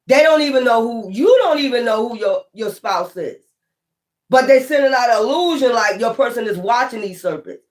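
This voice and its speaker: A tarot reader giving a casual spoken reading, rambling and profane, using streetwise slang and repeating points for emphasis. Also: mid-range voice.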